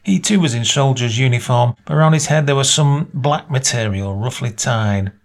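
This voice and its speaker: A man reading a short story aloud as narrator, in a measured storytelling manner. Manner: measured storytelling, voices dialogue with small pitch lifts.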